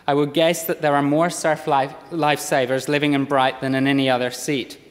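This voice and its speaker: In a parliament chamber with the long reverb of a large room, a Scottish member of parliament in his thirties gives a formal, measured speech. His lowland Scottish accent has been softened by years in Australia, and his read-out oratory has occasional slips.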